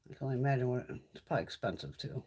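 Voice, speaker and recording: A woman talks casually on a live beauty stream while she does her makeup. She is blunt and swears constantly, and her pitch jumps up and down as she chats. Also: animated, racing, a little mellow, husky. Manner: profane, chatty and blunt. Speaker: beauty vlogger.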